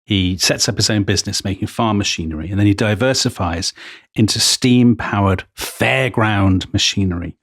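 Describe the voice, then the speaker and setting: Lowish man telling history stories. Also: moderate pace, fairly bright tone, dry recording, clean studio sound. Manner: storytelling, enthusiastic, full of asides. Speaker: podcast co-host. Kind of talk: casual history podcast chat.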